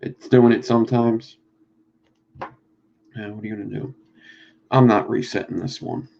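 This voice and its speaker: A man with a Philadelphia accent talking fast and swearing freely while teaching coil building on a live stream. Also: on the low side, creaky, a little mellow, lo-fi sound, a little hiss or hum. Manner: fast-talking, profane, rambling. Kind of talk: casual live-stream chat.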